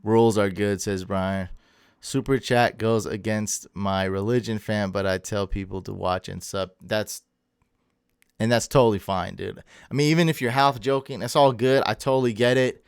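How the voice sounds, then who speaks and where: A man's voice: on the low side, fairly even intonation, moderate pace, vocal fry, clear, resonant tone, no room sound, studio quality. A tired man hosting a casual livestream, chatting loosely, thanking viewers and stumbling over their names. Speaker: livestream host. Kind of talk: casual livestream chat reading viewer comments. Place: home room.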